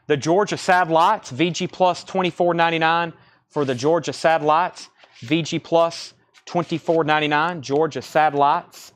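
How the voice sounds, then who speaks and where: Man auctioning records on a livestream. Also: fairly high pitch. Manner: brisk, repeats titles, grades and prices. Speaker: record store livestream seller. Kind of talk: live sales patter. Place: record store.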